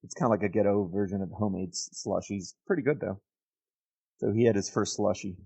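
A man's voice: lowish voice, steady tone, brisk, creaky, mellow, husky. A man co-hosting a podcast, laid-back and slangy, chatting casually and calling people dude and bro. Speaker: podcast co-host. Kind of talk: casual chat.

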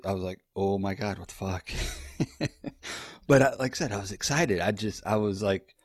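A young man with a lowish voice tells his story in a loose, rambling way, swearing freely as he goes. The sound is close and dry, with no room around it. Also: no echo. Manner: rambling, profane, conversational. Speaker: husband telling his story. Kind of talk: casual storytelling.

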